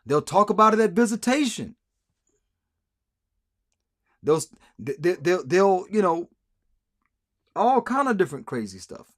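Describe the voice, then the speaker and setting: A man's voice: high voice, big pitch swings, a little slow, long pauses, a bit bright. A man hosting a live stream, rambling through sarcastic commentary and answering comments from the chat. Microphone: streaming mic.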